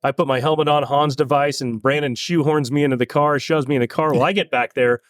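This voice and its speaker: A middle-aged land speed racer from California tells stories in a casual interview, earnest but halting, restarting his sentences often. His voice is on the high side with a steady tone, and there's no echo.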